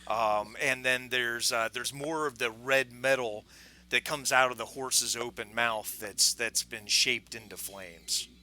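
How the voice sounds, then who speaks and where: A man runs a tabletop game as game master, describing scenes in a loose, chatty way full of fillers and restarts. His voice is very bright at a middle pitch. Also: steady tone, measured pace. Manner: chatty, frequent fillers and restarts, laughs often.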